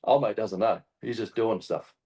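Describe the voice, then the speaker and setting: A man with an Australian accent, a hunting guest telling a story in casual chat, animated and swearing often. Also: fairly low pitch, moderate pace. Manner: animated, swears often, acts out shouted quotes. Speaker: guest hunter.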